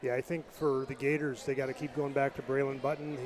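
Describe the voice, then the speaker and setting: Winded fast-talking color commentator man. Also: mid-range voice, flat delivery, darkish tone. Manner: breathes heavily into the mic. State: out of breath.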